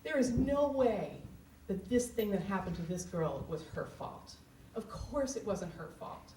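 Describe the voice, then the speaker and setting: A woman's voice: medium pitch, animated, unhurried, mellow, recorded from a distance, slight background noise. Woman playing a tender, remorseful middle-aged mother, pleading and insistent, roomy live hall, mic set back.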